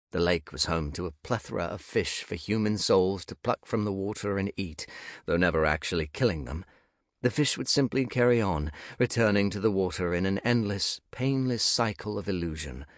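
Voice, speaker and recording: A man with a very deep voice narrates a fantasy audiobook in the first person at an unhurried pace. His intonation is lively and expressive. The sound is close and dry, with no room around it. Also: no echo. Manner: measured, expressive storytelling.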